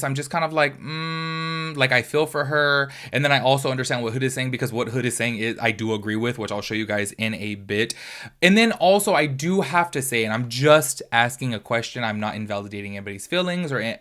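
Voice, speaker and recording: A man's voice: medium pitch, brisk, hardly any pauses. A young man from California chatting animatedly in a casual beauty commentary vlog. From California, United States. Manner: chatty and animated, lots of fillers like "y'all".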